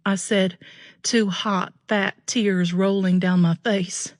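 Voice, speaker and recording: A woman narrating a romance audiobook in a steady first-person storytelling voice. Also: medium pitch, unhurried, no echo, clean studio sound.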